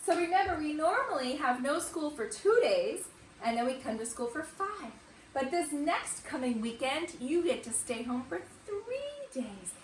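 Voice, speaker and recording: A woman teaching kindergarten and first graders in an online morning meeting, slow and sing-song. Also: high-pitched, big pitch swings, roomy sound, recorded from a distance, slight background noise. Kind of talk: remote morning meeting lesson. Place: at home or classroom on camera.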